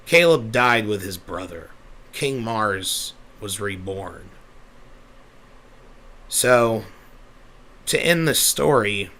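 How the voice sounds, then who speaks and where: A man voicing a rough, uneducated, big-hearted young male pegasus, telling his own backstory in a rambling, self-correcting, easily flustered way. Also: lowish voice, sharp tone, exaggerated voice. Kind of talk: in-character storytelling.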